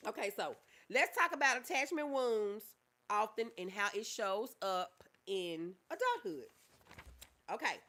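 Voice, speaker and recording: Woman host, bright and animated, affectionate, reads chat aloud. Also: mid-range voice. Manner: affectionate, calls viewers baby, reads comments aloud. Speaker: livestream host, mental health therapist. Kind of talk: casual livestream chat reading comments.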